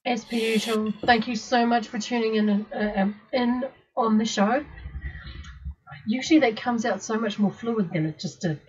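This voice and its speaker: A woman's voice: fairly high pitch, normal speed, breathy edge. A woman co-hosting a show in casual chat, easygoing and trailing off with fillers and small laughs. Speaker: co-host of a vaping show. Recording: dull lo-fi sound.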